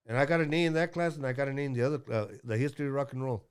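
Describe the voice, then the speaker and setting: A man's voice: mid-range voice, quick pace, hardly any pauses, smooth. A man in his sixties telling a rambling story as a guest, blunt and profane, with lots of fillers and restarts. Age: 60s.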